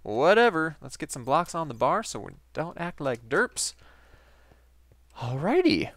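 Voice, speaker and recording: Excitable man with lively gaming commentary. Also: measured pace, no echo. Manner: chatty, excitable, jumps to high exclamations. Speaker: gaming channel host. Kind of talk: Minecraft let's play commentary.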